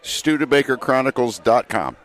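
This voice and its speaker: A man appearing as a guest on talk radio, a former city councilman who talks in a calm, unbothered way and tells stories steadily. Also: medium pitch, moderate pace. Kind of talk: casual radio conversation and storytelling.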